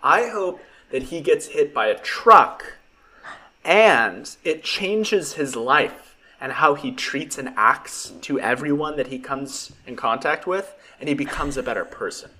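A man's voice: on the high side, expressive, measured pace, sharp tone, slight background noise. A young man hosting a casual chat, giving blunt, profane, jokingly harsh opinions. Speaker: podcast host.

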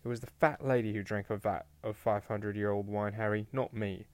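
A man reading aloud and voicing a clever, earnest teenage witch with a brisk, matter-of-fact and slightly defensive manner. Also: on the low side, fairly even intonation, no echo, lightly acted. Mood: firm.

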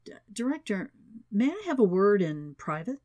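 A man's voice: high voice, sing-song, moderate pace, darkish tone, muffled recording. A woman reading an audiobook, voicing a suspicious, prim male chief of staff who talks in a guarded, clipped way. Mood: wary.

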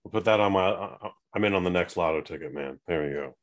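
Deadpan low-voiced male co-host. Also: fast talker. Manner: dry, deadpan quips. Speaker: podcast co-host. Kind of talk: casual chat.

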